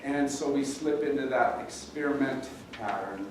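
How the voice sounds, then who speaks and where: A man's voice: mid-range voice, noisy background. Man preaching in a roomy church. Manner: conversational, halting with repeated words. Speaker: pastor. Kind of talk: sermon. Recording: roomy echo, distant mic, faint ambience.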